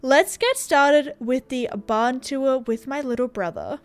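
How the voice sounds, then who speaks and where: A woman's voice: sits high, measured pace, clean tone, soft background music. A young woman giving casual gameplay commentary, bubbly and gushing. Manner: bubbly and gushing, with many "oh my gosh" exclamations. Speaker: gaming YouTuber.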